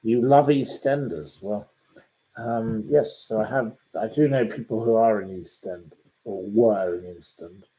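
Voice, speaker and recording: A man's voice: on the low side, unhurried, warm tone. A man from Derbyshire, hosting a casual livestream and answering viewers' questions in a rambling way with dry put-downs. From England, Derbyshire. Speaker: livestream host reading viewer comments.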